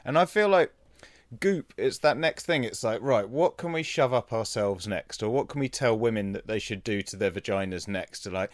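A man's voice: lowish voice, normal speed, no echo. A man hosting a podcast in casual chat, laughing often and thinking aloud with small restarts. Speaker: podcast host.

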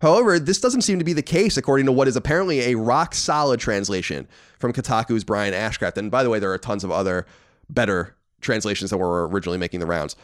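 Lively, opinionated podcast host man. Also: on the low side, quick pace. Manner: animated, opinionated, swears casually. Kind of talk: casual chat and news rundown.

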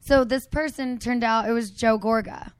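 A woman's voice: a little high, moderate pace, clean tone, no room sound. A woman in her thirties hosting a podcast, chatting casually and telling stories with lots of "like" fillers. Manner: chatty, storytelling, frequent "like" fillers. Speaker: podcast host. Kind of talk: casual chat.

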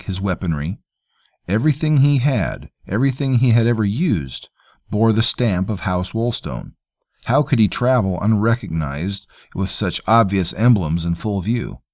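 Guy narrating a fantasy audiobook, steady measured delivery, low voice, dead dry sound. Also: dry recording.

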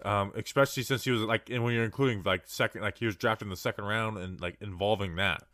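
A man with a fairly low voice co-hosts a sports podcast in loose, casual talk. He rambles through numbers, restarting sentences often. The sound is dry and close. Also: fairly even intonation, fast, a bit bright, dry recording. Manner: rambling, restarts a lot, leans on stats.

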